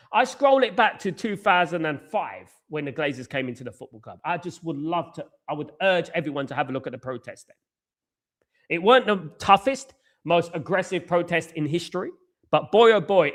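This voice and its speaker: A man's voice: sits high, a bit bright. A young man from England, hosting a live football stream and ranting passionately, with mocking jabs at rival fans. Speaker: football channel host.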